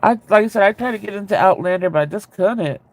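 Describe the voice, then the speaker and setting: A man chatting casually with viewers, rambling and candid, with a ready laugh and a gravelly voice. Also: sits high, fast talker. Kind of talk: casual chat.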